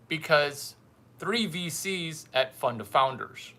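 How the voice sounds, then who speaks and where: A man with a slightly high, bright, forceful voice hosts a casual livestream. He talks slowly and bluntly, teasing his viewers and repeating his lines for comic effect. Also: lively intonation. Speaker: livestream mentor host.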